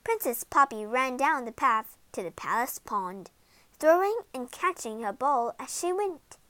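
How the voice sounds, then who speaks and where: A young reader with a high, lively voice reads a children's storybook aloud slowly and expressively. She gives each character a voice. The recording is close and dry. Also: dry recording.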